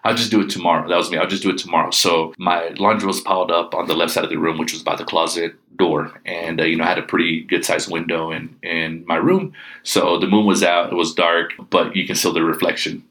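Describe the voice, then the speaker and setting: A man's voice: deep voice, fast. A middle-aged man casually telling a personal ghost story, acting out what people said. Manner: animated, acts out quoted speech.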